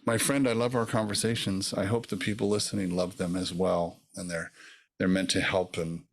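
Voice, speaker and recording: A man's voice: low voice, flat delivery, normal speed, vocal fry. An older man co-hosting a podcast, talking in an earnest, reflective way and repeating words for emphasis. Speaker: podcast co-host. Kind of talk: casual conversation.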